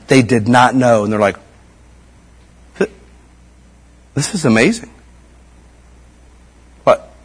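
A man's voice: medium pitch, slightly rough. A middle-aged man giving a casual, folksy sermon as a pastor, full of slang and repeated asides.

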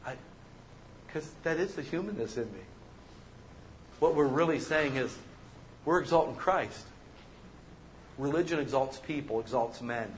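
A man preaching a sermon as pastor, animated and joking, acting out the people he quotes. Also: mid-range voice, a little slow, pauses often, a little hiss or hum.

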